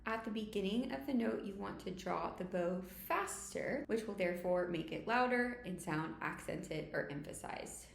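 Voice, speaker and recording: A woman teaching violin, explaining each technique clearly and step by step. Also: mid-range voice, animated, moderate pace, hardly any pauses, roomy sound. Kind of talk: instructional tutorial.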